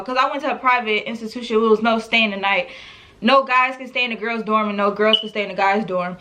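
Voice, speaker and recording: Young woman vlogger, high bright voice, laughs a lot telling her story. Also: fairly quick. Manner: animated, laughing often, slangy. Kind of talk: storytime chat.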